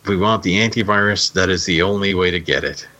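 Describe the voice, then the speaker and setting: A man's voice: sits low, fast talker, sharp tone, highs cut off. A man voicing a grim male raptor robot warrior from a cartoon, in a dry, blunt manner.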